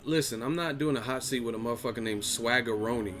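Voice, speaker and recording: Guy ranting on his boxing live stream, cussing a lot, roasting ppl in chat, bit of music low in the back. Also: fast, a bit bright. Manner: profane, mocking ranting. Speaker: boxing channel host.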